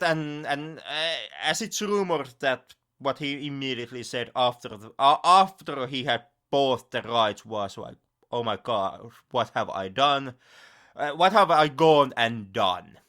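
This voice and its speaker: Animated, sarcastic man with a bright voice. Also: medium pitch. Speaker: podcast co-host. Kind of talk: casual film-review chat.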